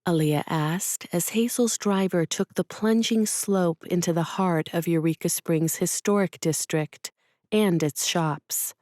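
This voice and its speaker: A woman narrating a storybook romance in a measured, gentle manner, her voice low and her pace unhurried. The studio recording is close and completely dry. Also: no room sound. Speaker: audiobook narrator. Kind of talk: scripted narration.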